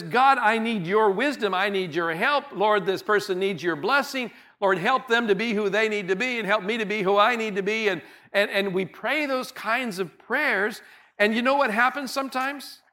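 A man with a high, bright voice preaches to his congregation in a church. He talks in an earnest, conversational way and often stumbles and restarts his words. He sounds like a pastor speaking plainly to his people. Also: normal speed. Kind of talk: sermon. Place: church sanctuary.

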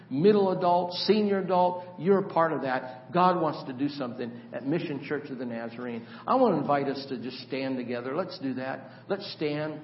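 A man's voice: mid-range voice, a little hiss or hum. A man preaching a sermon as the church pastor, asking the congregation questions and repeating words as he starts sentences. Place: church sanctuary. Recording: dull echoey church hall recording.

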